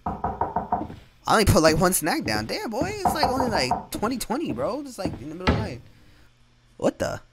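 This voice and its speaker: A young man giving casual commentary while playing a horror game, reacting loudly and saying "bro" a lot. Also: high-pitched, huge pitch swings, quick pace, few pauses, over a noisy crowd. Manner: casual, reactive, swears, says "bro" often. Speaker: gaming YouTuber. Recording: game music behind voice.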